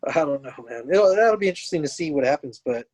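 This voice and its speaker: Measured, slightly high-voiced American man. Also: expressive, darkish tone. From United States. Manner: measured, agreeable. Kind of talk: casual chat.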